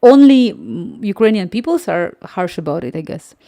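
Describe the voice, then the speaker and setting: On a casual live coding stream from home, a woman with a non-native English accent chats haltingly, searching for words and laughing lightly. Her voice is fairly low, mellow and very animated.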